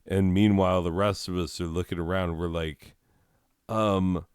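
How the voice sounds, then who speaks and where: A man's voice: sits low, fairly even intonation, normal speed, a little mellow, clear, resonant tone, no room sound, clean studio sound. A man doing a crude, sarcastic comedy rant full of swearing. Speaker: comedian ranting.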